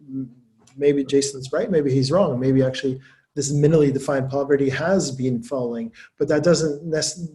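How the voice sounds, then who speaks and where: A male scholar speaking in a webinar at a middling pitch. He talks fast and thinks aloud, restarting his sentences and repeating words as he builds his argument. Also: a little mellow. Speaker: guest speaker, academic. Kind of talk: webinar talk.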